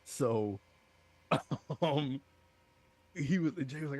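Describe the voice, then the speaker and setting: A man co-hosting a gaming podcast, telling stories in a casual, animated way and acting out other people's lines. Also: mid-range voice, takes it slowly. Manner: animated, laughing, acts out quoted voices. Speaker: podcast co-host. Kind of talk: casual storytelling chat.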